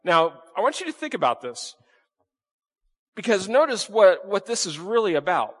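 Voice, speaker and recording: Male pastor, animated delivery, a touch high, long hall reverb, preaches with questions and light humor. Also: fairly quick. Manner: lively, questioning the congregation, playful asides. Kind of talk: sermon. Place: church sanctuary with congregation.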